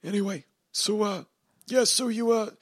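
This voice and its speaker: A man's voice: high voice, moderate pace, fairly bright tone, breathy edge, dry recording, clean studio sound. A man running a tabletop game as game master, talking through the rules in a laid-back, chatty way. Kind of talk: narrating a tabletop game in character.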